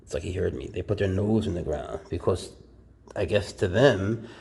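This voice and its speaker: Gravelly low-voiced man showing snakes. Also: moderate pace. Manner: relaxed, rambling, talks to his snakes. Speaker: reptile keeper. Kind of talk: casual educational vlog. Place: warm indoor room with high ceilings.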